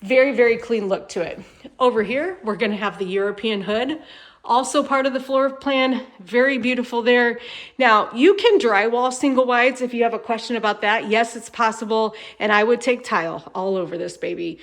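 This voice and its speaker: A woman's voice: fairly high pitch, moderate pace. Chatty upbeat woman giving a home tour. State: slightly congested from a cold. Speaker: manufactured home salesperson and channel host. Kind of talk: casual home tour vlog.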